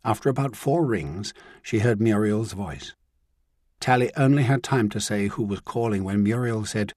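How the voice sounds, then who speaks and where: Male narrator, measured reading, low husky voice, dry booth. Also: no room sound. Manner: measured, even storytelling. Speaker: audiobook narrator. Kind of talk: scripted audiobook narration.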